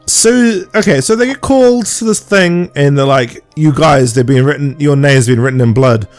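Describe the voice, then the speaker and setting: A man's voice: a little high, normal speed, no echo, soft background music. A man co-hosting a podcast, recapping an episode in casual chat and mocking the characters in silly voices. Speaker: podcast co-host.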